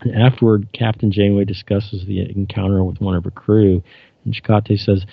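A man's voice: lowish voice, level tone, fairly quick, vocal fry, husky, no echo. A man casually recapping TV episodes, hesitant and reading dialogue aloud. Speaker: presenter recounting TV episodes. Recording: dull lo-fi dry recording.

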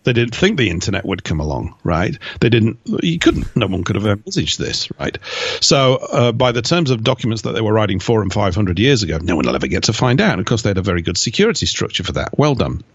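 A man's voice: on the low side, very animated, quick pace, breathy edge, no room sound, dull audio. A man giving emphatic, opinionated answers as an interview guest, with mocking asides. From Britain.

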